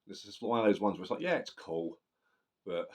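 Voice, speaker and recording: A man with a very low voice reviews a metal record in loose, rambling chat. He swears freely and keeps restarting his sentences. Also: animated, fairly quick. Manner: rambling, sweary, self-correcting. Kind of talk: casual spoken album review.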